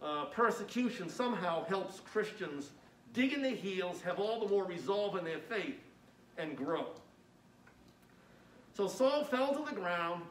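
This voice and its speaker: Roomy, distant high-voiced male preacher. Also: slight background noise. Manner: reads scripture aloud with rising emphasis, then explains it plainly; uses fillers like "uh" often. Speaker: pastor. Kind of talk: sermon. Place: church sanctuary. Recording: echoey church room from a distance.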